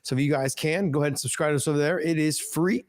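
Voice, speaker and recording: A man's voice: a little high, quick pace. A man co-hosting a fight podcast, talking casually and bluntly, cursing now and then and reading out sponsor plugs. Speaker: podcast co-host. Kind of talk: casual chat.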